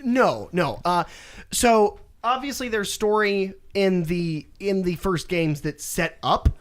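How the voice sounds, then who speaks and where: A man's voice: high-pitched, takes it slowly. A young man co-hosting a casual podcast, animatedly retelling a video game story and acting out the characters' lines. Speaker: podcast co-host.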